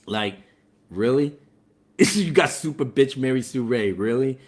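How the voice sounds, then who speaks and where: A man giving a casual, profane spoiler movie review, talking in an animated way and laughing often. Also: mid-range voice, measured pace.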